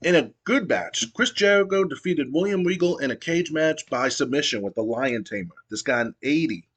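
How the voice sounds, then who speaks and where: A man's voice: on the high side, animated, moderate pace, a bit bright. A man narrating his wrestling sim playthrough in a casual, rambling way with frequent fillers. His voice sits slightly above average for a man. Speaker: gamer playing a wrestling sim. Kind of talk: casual let's-play narration.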